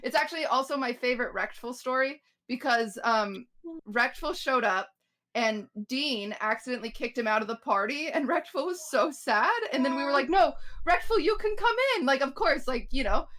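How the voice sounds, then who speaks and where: A woman telling a party story in casual chat, lively and swearing as she acts out what people said. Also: high-pitched, moderate pace. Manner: animated storytelling, swearing, acted-out quotes. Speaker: podcast guest telling a story.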